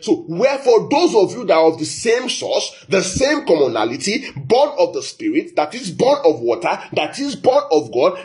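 Lively Nigerian-raised preacher, animated pitch. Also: male voice. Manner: lively, asks the audience questions, repeats phrases. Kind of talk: sermon.

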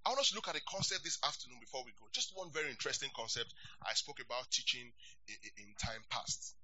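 A man preaching a sermon as pastor, animated and calling for responses from the congregation. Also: medium pitch, quick pace, husky, muffled recording.

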